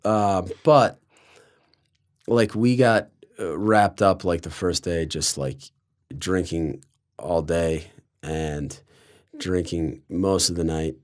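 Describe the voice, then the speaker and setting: A man's voice: deep voice, a little mellow. A young man from Colorado casually telling a rambling story, full of fillers and sarcasm. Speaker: guest storyteller.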